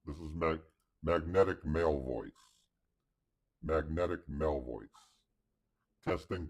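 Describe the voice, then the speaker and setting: Deep male voice-changer voice, gravelly demon or old man, raspy, slow. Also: exaggerated voice. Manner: testing presets aloud, judging each one. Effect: deep male voice-changer filter. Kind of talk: live stream voice-changer demo.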